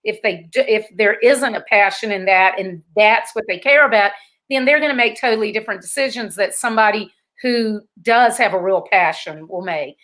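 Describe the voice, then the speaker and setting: A woman's voice: medium pitch, moderate pace, a bit bright. A woman hosting a casual interview, encouraging her guest with frequent short agreements and asking open questions. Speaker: interview host.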